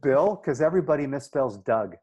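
A man's voice: medium pitch, lively intonation, a little mellow, slightly rough. Self-deprecating man being interviewed. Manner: self-deprecating, joking, halting answers with fillers. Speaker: missionary guest. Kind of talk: casual interview chat.

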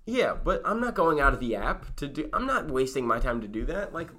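A man's voice: a little high, sing-song, a little fast, bright, forceful tone. Rambling young man, casual chat. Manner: rambling, full of fillers and restarts.

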